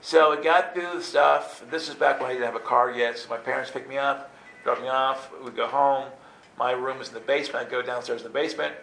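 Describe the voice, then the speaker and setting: A man telling a funny personal story in an animated way, jumping into high squeaky voices to act out his younger self. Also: brisk, creaky. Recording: roomy echo, faint ambience.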